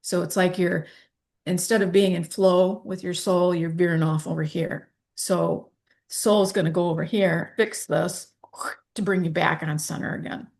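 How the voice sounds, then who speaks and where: A woman's voice: on the low side, fairly even intonation, unhurried, vocal fry, darkish tone. A woman in her fifties, an interview guest who talks candidly and acts out the dialogue she quotes. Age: 50s.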